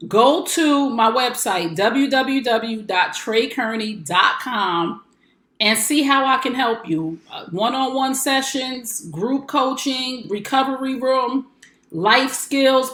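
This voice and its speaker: Woman, 40s, life coach hosting her show; higher voice, emphatic and preachy, roomy echo. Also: a bit bright. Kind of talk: motivational broadcast talk.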